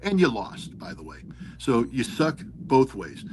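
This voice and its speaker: A man's voice: medium pitch, very animated, a little slow, a little mellow, a little hiss or hum. An older man, his voice sitting in an ordinary middle register. He speaks in a heated, sarcastic rant, swearing freely as he gives fiery political commentary. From United States. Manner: heated, profane, sarcastic ranting. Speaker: guest.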